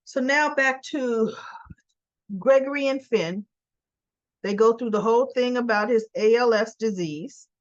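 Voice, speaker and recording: A woman's voice: fairly high pitch, unhurried, dry recording, lo-fi sound. A woman casually recapping a soap opera episode in a chatty way, often checking in with "right?". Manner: chatty retelling, frequent "right?" and "he goes".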